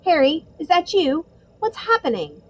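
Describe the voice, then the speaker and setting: A woman's voice: extremely high pitch, sing-song, moderate pace, a little hiss or hum, pitched above the performer's own voice. A woman voicing a flustered, panicky teenage boy who yelps his questions.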